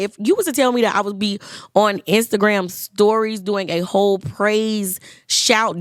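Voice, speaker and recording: A woman in her twenties hosting a podcast, chatting casually and lively, talking straight to listeners. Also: medium pitch, no echo, clean studio sound. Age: 20s. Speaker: podcast host. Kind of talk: casual chat.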